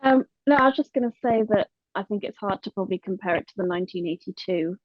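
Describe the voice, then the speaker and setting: A woman's voice: medium pitch, quick pace, dry recording, muffled recording. A woman co-hosting a podcast, chatty and drifting into asides. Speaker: podcast co-host. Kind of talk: casual chat.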